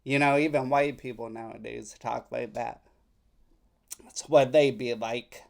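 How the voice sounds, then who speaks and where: A man hosting a casual political commentary, reading messages aloud and mocking them sarcastically, with halting restarts. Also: medium pitch, fairly even intonation, vocal fry.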